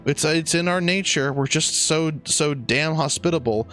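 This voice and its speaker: A man's voice: moderate pace, a bit bright, natural voice. A man voicing a group of meek, hospitable little pigs in a comic spoken story. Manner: high, sweet and apologetic. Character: meek hospitable little pigs who run a coffee shop.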